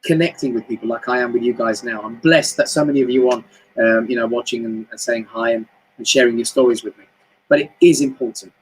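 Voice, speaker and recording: A man with a British accent giving a chatty, animated motivational talk on a home live stream, often jumping up high in pitch. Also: fast, a little hiss or hum, poor audio. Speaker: motivational speaker. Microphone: home live stream mic.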